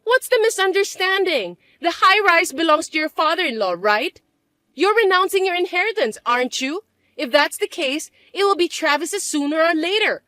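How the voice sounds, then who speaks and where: A woman voicing a scheming, entitled sister-in-law who talks in a sneering, shrill way. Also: lively intonation, moderate pace, bright, forceful tone, no room sound, heavily acted. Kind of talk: dramatized story dub.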